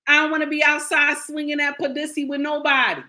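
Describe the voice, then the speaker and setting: A woman's voice: high voice, little pitch movement, a little fast, sharp tone. An older woman, giving sassy, preachy commentary to her viewers. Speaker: commentary vlogger. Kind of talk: casual opinion commentary.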